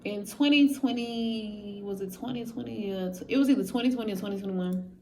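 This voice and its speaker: A vlogger with a medium-pitched female voice tells her viewers her own story a little fast, against slight background noise. Candid, profane and laid-back, she stays animated and voices the words of others.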